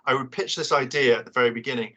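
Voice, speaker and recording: Playful rambling man, bright voice. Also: medium pitch, steady tone, quick pace. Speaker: podcast co-host. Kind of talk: casual chat.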